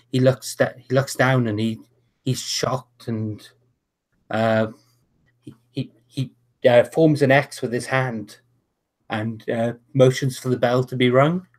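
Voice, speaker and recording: A man running a tabletop wrestling game as game master, narrating with many restarts and fillers over an online call. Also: mid-range voice. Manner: halting, full of restarts and "uh". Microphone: online video call.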